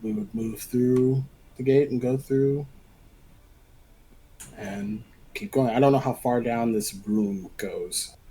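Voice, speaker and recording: A man's voice: mid-range voice, slow, dark tone, slight background noise, rough recording. A man playing a tabletop game who thinks aloud and plans each move step by step. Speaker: player.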